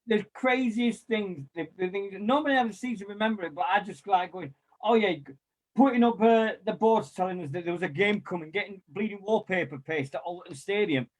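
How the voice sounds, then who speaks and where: Bloke spinning old club stories, acts out what people said, bit sweary. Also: male voice, sits high, brisk. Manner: animated storyteller, mild swearing, acts out quotes. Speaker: former club volunteer and kit man. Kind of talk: casual chat, telling anecdotes.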